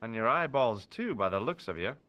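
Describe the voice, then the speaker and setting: A man's voice: mid-range voice, very animated, a little fast, bright, forceful tone. An actor playing a dry, cool-headed male investigator in a video game, with sardonic delivery.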